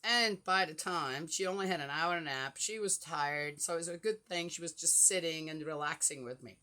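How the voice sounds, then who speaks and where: An older woman, a grandmother, chatting casually and rambling through a story with many fillers, getting animated and exasperated. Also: low-pitched, moderate pace. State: flushed from a hot flash. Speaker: Bible reading podcaster. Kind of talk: casual chat.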